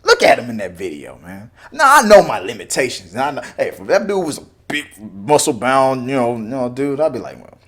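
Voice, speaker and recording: A man's voice: medium pitch, fairly quick, hardly any pauses. A man in his forties giving a casual opinion rant as a reaction video host, full of slang and mocking put-on voices. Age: 40s. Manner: animated, mocking voices in quotes, frequent repeats and slang.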